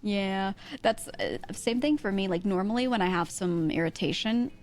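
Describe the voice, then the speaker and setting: A woman's voice: mid-range voice, normal speed, soft background music. A woman streamer in casual chat, giggly and full of fillers, her voice strained and irritated. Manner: chatty, giggly, lots of fillers.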